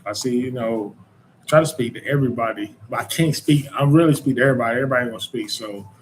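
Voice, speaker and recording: A man's voice: medium pitch, fast, slight background noise, low-quality recording. A man from North Carolina with a Southern accent hosting a podcast, talking in a loose casual monologue full of "you know" and "man". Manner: informal Southern speech. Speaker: podcast host.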